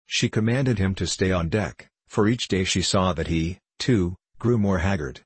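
A man reading a novel aloud as audiobook narration, in an even, unhurried storytelling manner. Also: low voice, slightly rough, no room sound. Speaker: audiobook reader. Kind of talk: scripted narration.

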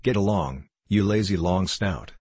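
A man voicing a rough, insolent wild boy who herds swine, shouting and bossy in a low, husky voice. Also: unhurried, no room sound. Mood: rough taunting.

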